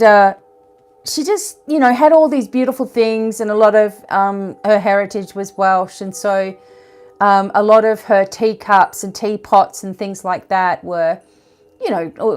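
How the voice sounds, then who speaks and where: Speaking at a medium pitch with a darkish tone, a woman chats through a relaxed oracle card reading for her viewers. She reads the card text aloud and laughs at her own slips.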